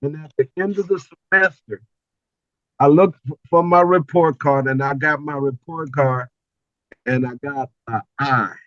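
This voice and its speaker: An older man on a video call, telling a personal story as a guest, animated and often repeating words as he restarts. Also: a little high, normal speed, no echo, dull audio.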